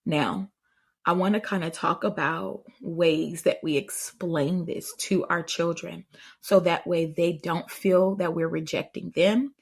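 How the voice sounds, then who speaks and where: A woman's voice: lowish voice, steady tone, measured pace, vocal fry, breathy edge. A woman hosting a parenting podcast, telling stories in a chatty way and talking straight to her listeners. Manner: chatty storytelling, addresses listeners directly. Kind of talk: casual advice chat.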